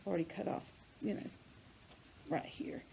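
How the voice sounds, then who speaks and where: An older woman, chatting casually and thinking out loud as she demonstrates a craft project. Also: normal speed, a little hiss or hum. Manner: chatty, rambling, thinks aloud while working. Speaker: crafting vlogger.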